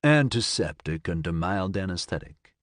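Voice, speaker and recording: A patient, kindly man talks someone down in a sci-fi audiobook, as a male narrator voices him. His voice is low and quiet. It is recorded dry and close. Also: lively intonation, normal speed, no room sound. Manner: soft-spoken, soothing, reassuring. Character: calm, kind grown man, patient and gently amused.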